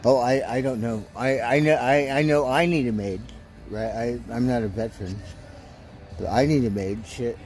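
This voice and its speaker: A man's voice: mid-range voice, fairly even intonation, normal speed, darkish tone. A man hosting a livestream, chatting casually and rambling, swearing now and then and cooing at his cats. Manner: laughs easily, swears casually. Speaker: livestream host.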